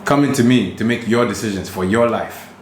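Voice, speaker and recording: A man's voice: lowish voice, fairly quick, roomy sound, slight background noise, close to an everyday voice. A man putting on the voice of an exasperated young woman mocking a suitor, incredulous and scornful.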